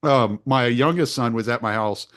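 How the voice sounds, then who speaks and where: Middle-aged american guy rambling thru stories on a podcast, laughs a lot, restarts sentences, ordinary pitch. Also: normal speed, a bit bright. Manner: rambling storyteller with many restarts, laughs often. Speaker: podcast host. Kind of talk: casual chat.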